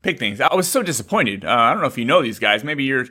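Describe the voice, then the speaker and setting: Excitable, bright-voiced man. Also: medium pitch, fast talker, breathy edge. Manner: animated, excitable storyteller who swears casually. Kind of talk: casual chat.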